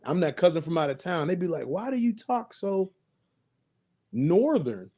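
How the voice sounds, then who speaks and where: A man's voice: on the high side, sing-song, moderate pace, warm tone. A man hosting a casual chat, telling stories with lots of swearing and acted-out quotes. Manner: storytelling, swears freely, acts out quotes. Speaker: host.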